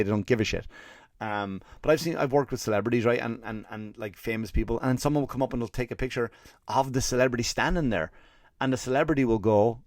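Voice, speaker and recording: This is a man from Ireland, a comedian and podcast host, telling a comic tale as an exasperated, foul-mouthed rant with acted-out quotes. His pitch sits in the middle, and the studio-quality audio has no room sound.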